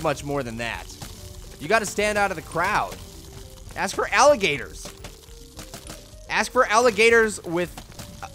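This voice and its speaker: A goofy young man rambles through casual let's-play commentary, cracking jokes and teasing himself. His voice is bright and forceful, pitched a touch high. Game music plays faintly underneath. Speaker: gaming YouTuber.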